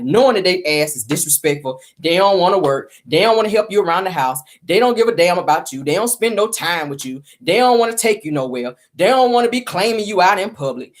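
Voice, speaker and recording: A woman hosting casual celebrity gossip commentary, sassy and opinionated, often calling viewers honey. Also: fairly low pitch.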